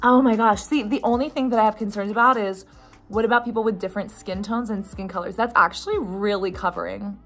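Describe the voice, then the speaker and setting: A young woman who is sick and congested, chatting excitedly in a casual unboxing vlog. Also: mid-range voice, brisk, faint music behind. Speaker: beauty vlogger.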